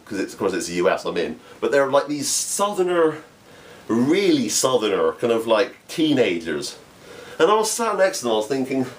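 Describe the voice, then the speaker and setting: Young English man, amateur stand-up; animated delivery with lively pitch, quick laughs, restarts. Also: a little hiss or hum. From England. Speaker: amateur comedian. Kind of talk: storytelling comedy monologue.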